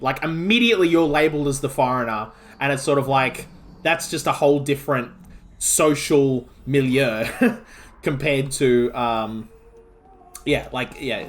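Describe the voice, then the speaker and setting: A man with an Australian accent chats casually while streaming a video game, rambling with lots of filler words and restarts. His voice is mid-range and a bit bright.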